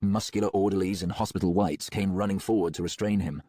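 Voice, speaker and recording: A man narrating a first-person audiobook in a grim, measured way. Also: low voice, steady tone, mellow, no echo.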